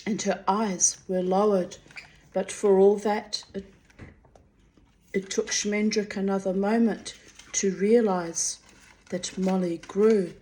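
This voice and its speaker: A woman reading a fantasy novel aloud in a slow, measured, gentle voice. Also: medium pitch. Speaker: reader. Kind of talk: audiobook narration.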